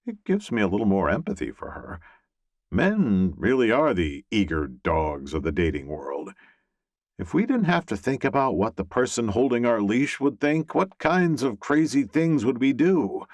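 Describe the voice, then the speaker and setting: A man narrating a romance audiobook in the first person, wry and expressive, on a close studio mic. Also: medium pitch, moderate pace, dry recording.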